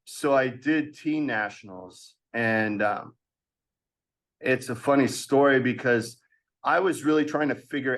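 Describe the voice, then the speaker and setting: Man telling a lively story. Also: medium pitch. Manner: animated storyteller acting out quoted voices with laughs. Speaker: podcast guest. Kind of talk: storytelling in a casual interview.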